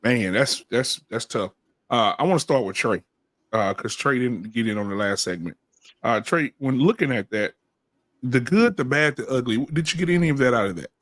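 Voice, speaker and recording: A man hosting a podcast, setting up a clip and prompting panelists in a measured way with many fillers. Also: medium pitch, lively intonation, a bit bright, no echo. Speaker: podcast host.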